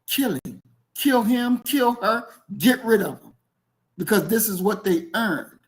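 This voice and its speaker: A man hosting a casual podcast discussion about a book, speaking bluntly and forcefully and repeating points for emphasis. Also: sits high, animated, unhurried, rough recording.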